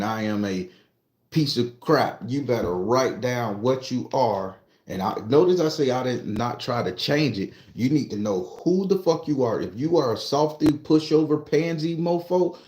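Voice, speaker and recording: A man's voice: mid-range voice, darkish tone, echoey room. A man who works as a spiritualist and tarot reader, talking to his followers in a casual monologue that is profane and preachy and full of joking asides.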